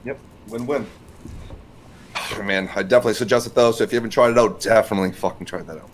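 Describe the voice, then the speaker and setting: A man co-hosting a podcast, chatting casually and reacting with lively interjections. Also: on the low side, quick pace. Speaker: podcast co-host. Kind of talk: casual chat.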